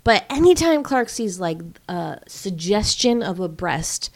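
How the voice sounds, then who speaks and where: A woman co-hosting a podcast in casual chat, animated and playful, with quick asides and frank opinions. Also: mid-range voice. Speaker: podcast co-host.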